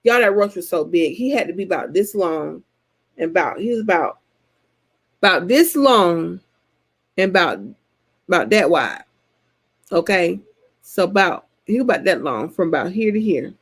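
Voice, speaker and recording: A woman from Georgia with a Southern American accent, chatting casually with her viewers and telling stories in an animated, colloquial way. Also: fairly low pitch, normal speed, breathy edge. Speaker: vlogger host answering subscriber comments. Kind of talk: casual chat.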